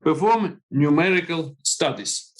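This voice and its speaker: A man with a Ukrainian accent reads out his research slides over a video call, in a fairly high voice. He speaks slowly, stopping often to find his place, and his words come at a measured, deliberate pace. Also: low-quality recording. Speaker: conference presenter. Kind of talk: reading a research presentation.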